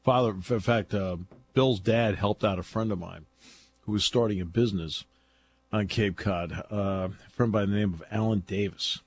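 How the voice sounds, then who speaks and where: A man's voice: on the low side, moderate pace, a little mellow, breathy edge. A man talking football in casual chat, chatty and laughing often as he tells stories. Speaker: football analyst.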